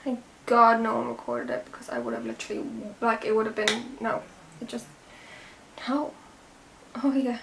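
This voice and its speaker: A young Irish woman vlogging as she does her makeup, rambling and chatty, sometimes dropping into soft half-whispers. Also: on the high side, very animated, moderate pace, creaky, pauses often, a little hiss or hum. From Ireland. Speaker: beauty vlogger. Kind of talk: chatty get-ready-with-me vlog. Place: home room.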